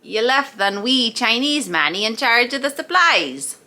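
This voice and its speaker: A woman's voice: a little high, sing-song, a little slow, sharp tone, pitched above the performer's own voice, heavily acted. A woman doing a bluff Scottish laborer. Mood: apologetic. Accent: put-on Scottish. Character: Scotsman laborer, hearty and folksy.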